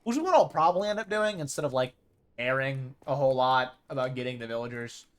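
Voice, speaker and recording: A man chatting casually while streaming a game live, rambling excitably and tripping over repeated words as he gets going. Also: mid-range voice, fast talker. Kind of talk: casual live gaming commentary.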